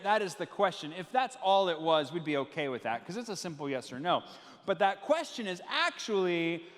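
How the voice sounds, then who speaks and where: A pastor in his thirties preaches to a live congregation in a church sanctuary, weaving family stories with playful asides. His voice is high, very animated and fairly bright, delivered at a moderate pace. The recording carries a long hall reverb.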